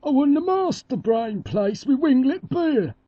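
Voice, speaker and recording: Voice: high-pitched, big pitch swings, a little slow, breathy edge, no room sound, highs cut off, heavily acted. A performer voicing a chirpy Cockney dad chicken. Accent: London Cockney put on. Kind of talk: amateur cartoon voice acting.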